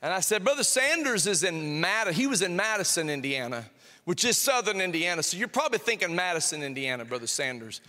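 In a church sanctuary, a middle-aged senior pastor with a high voice preaches briskly, weaving a story into his sermon. He's animated, repeats phrases, and acts out both sides of a conversation. The long reverb of the church hall surrounds his voice.

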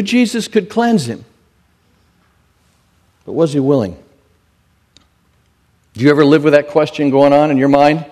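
A man preaching a sermon in a slow, deliberate way, his voice climbing high and emphatic on key lines. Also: a little mellow. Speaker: pastor.

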